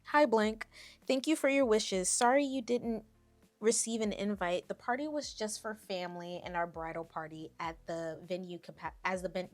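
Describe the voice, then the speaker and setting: A woman voicing a calm, reasonable young woman. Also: mid-range voice, lightly acted. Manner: measured, reasonable read-aloud tone. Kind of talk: reading text messages aloud.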